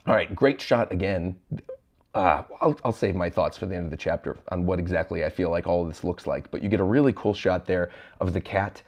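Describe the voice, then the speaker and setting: A man with a fairly low voice reacts to a new manga chapter on a livestream from a hotel room. He reads the panels aloud and chuckles often as he goes. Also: darkish tone.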